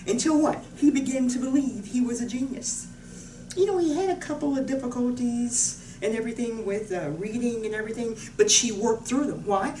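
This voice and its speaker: Lady trainer chatting to camera, lively swoopy voice, kinda far off the mic in a roomy space w/ faint hiss. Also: a little fast. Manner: animated, swings into loud high-pitched voices for quotes. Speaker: fitness and wellness trainer. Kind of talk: casual storytelling to camera. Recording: echoey room from off the mic with faint noise.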